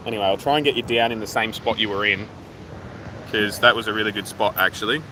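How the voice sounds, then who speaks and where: An Australian man, livestreaming from his phone outdoors at a waterfall park, reads viewer comments while rambling offhandedly and swearing freely. His voice is lowish and steady at a quick pace, against a noisy background.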